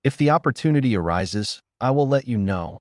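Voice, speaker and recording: Male narrator doing a cheeky, polite young ninja, a little higher than his own voice. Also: animated, fairly quick, no room sound, studio quality, close to an everyday voice. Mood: teasing. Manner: polite and mocking.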